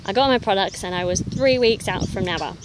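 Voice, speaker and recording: A young woman telling a personal story to camera in a casual, animated way, full of "you know" fillers. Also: medium pitch, fairly quick, noisy background. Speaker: fitness vlogger.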